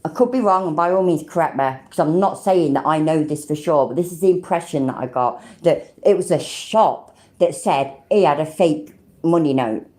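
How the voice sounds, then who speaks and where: A woman's voice: low-pitched, moderate pace, a little mellow. A woman with a British accent hosting a livestream, giving blunt, sweary reactions and talking to her chat. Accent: British English. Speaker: livestream host. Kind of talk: casual live reaction commentary.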